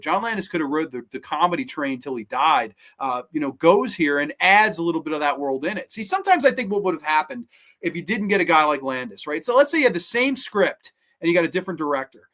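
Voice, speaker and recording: A man's voice: fairly high pitch, fairly bright tone. A man in his thirties hosting a horror movie podcast, chatting casually on a livestream and reading viewer comments in an enthusiastic, rambling way. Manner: enthusiastic, rambling, repeats words, swears casually.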